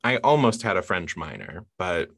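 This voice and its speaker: A woman's voice: a bass voice, wildly swooping pitch, normal speed, gravelly, breathy edge. A woman hosting a casual book podcast, chatty and upbeat as she leads questions and sign-offs. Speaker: podcast host.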